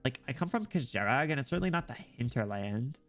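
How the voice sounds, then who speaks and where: A man's voice: medium pitch, lively intonation, brisk, a bit bright, soft background music. Brief: male streamer reading a young woman envoy in a valley-girl drawl, flippant, "like" in every breath, game story read aloud. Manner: sprinkles "like" everywhere, breezy.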